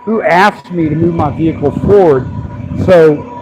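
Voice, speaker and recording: A man's voice: on the high side, measured pace, music in the background, low-quality recording. A man ranting on a casual livestream from a city sidewalk, irritated and swearing freely as he films. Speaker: street filmer livestreaming.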